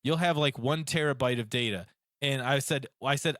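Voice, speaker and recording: A man on a casual podcast telling an animated, ranting story about phone calls and acting out both sides. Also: mid-range voice, normal speed, no echo, clean studio sound. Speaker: podcast co-host. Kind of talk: casual chat.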